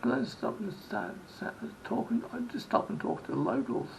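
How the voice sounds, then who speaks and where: A man rambles through a travel story, his voice slightly high and strongly gravelly with fry. He restarts sentences often and acts out conversations, with a faint low hiss behind him. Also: expressive, brisk, rough recording. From Australia. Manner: rambling, with many restarts and acted-out quotes. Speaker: vlogger. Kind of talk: casual storytelling monologue.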